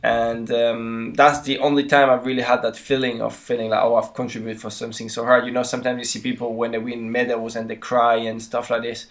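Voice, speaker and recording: A man's voice: medium pitch, level tone, brisk, few pauses. A man from Switzerland telling stories as a podcast guest, full of fillers and restarts. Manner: storytelling with many fillers and restarts. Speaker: guest footballer. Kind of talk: casual podcast interview.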